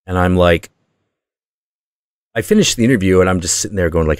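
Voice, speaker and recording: A very deep-voiced man retells a personal story in a casual, excitable monologue, swearing freely as he builds up the tension. The sound is dry and close, with no room echo. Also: moderate pace, pauses often. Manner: intense, profane, excitable retelling. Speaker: host.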